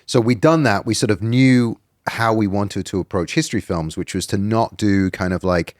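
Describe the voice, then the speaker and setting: A middle-aged British documentary filmmaker, a guest in a casual podcast chat, telling a long story with rambling restarts. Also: male voice, on the low side, moderate pace, dry recording, clean studio sound. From Britain.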